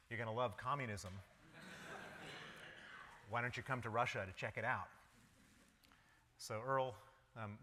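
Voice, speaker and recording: A man in his fifties with an American accent gives a public lecture, telling his life story wryly. His voice is low but bright and sharp. The sound carries a long reverb from a lecture hall. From United States. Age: 50s. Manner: wry storytelling with frequent ums. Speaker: guest lecturer.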